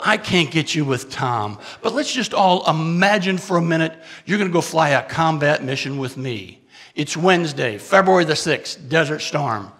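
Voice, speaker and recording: A man telling a dramatic story as a keynote speaker to an audience. He asks the listeners questions and moves from loud, urgent bursts to hushed, confessional lines. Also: on the high side, big-room sound.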